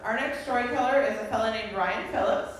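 A woman's voice: fairly high pitch, fairly quick, a loud crowd. A woman hosting a live storytelling event, introducing the next speaker in a friendly, informal way. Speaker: event host. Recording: echoey hall, distant mic, audience noise.

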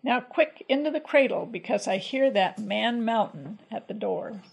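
A woman voicing a shrewd, gentle wife who coaxes sweetly, in a storybook reading. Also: on the high side, animated, normal speed, creaky, slightly rough, heavily acted, rough recording. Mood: coaxing. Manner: gentle, coaxing. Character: shrewd, calm Irish wife, sweetly cunning.

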